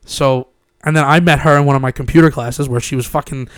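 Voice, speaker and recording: A man's voice: medium pitch, steady tone, fast, smooth, dry recording. A young man co-hosting a casual podcast chat, telling rambling, profane stories with laughs into a studio mic. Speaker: podcast co-host.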